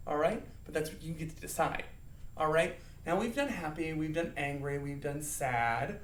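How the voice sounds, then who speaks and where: A man's voice: on the high side, moderate pace, recorded from a distance, slight background noise. A man teaching an acting lesson to young children, playfully acting out emotions and counting along. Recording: echoey room, voice a bit off-mic.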